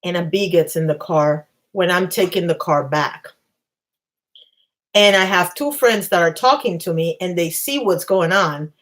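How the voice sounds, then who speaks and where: A woman casually telling self-mocking, animated stories to a live chat. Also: lowish voice, unhurried. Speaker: channel host.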